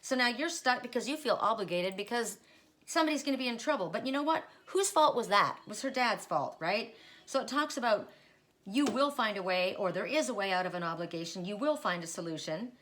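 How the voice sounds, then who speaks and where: Woman, card reader, chatty storytelling, frequent restarts and asides, middle pitch. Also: expressive, brisk, fairly bright tone. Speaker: tarot reader. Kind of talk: casual spoken card reading.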